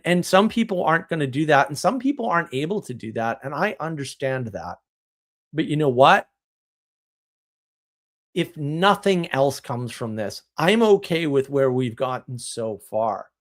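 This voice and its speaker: A man hosting a live stream, talking casually and answering chat in an animated, opinionated, rambling way with frequent restarts, from a home setup on a desk mic. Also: mid-range voice.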